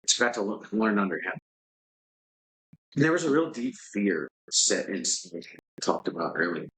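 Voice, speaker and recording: Podcast guest, male, deep-ish voice, very husky, candid and profane, rambling delivery. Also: sing-song, moderate pace, fairly bright tone, low-quality recording. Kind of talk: casual storytelling. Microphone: podcast microphone.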